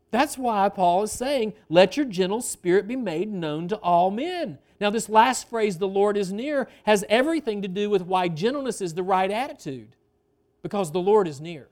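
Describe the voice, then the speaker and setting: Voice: mid-range voice, animated, normal speed, darkish tone. A pastor preaching a sermon in a conversational way, often asking the congregation questions and stretching out key phrases for emphasis.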